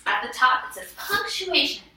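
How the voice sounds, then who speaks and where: A woman's voice: high-pitched, big pitch swings, normal speed, pushed and bright. A woman teaching a punctuation lesson to children, asking patient leading questions and repeating their answers, recorded from far off in an echoey classroom. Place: school classroom. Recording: echoey classroom, distant camera, faint noise.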